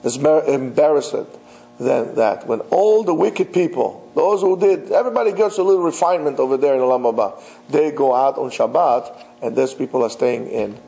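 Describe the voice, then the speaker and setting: A man's voice: medium pitch, expressive, normal speed, gravelly, dark tone, poor audio. A man, a rabbi, giving an emphatic religious lecture and speaking straight to his listeners with rhetorical questions. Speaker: rabbi teaching.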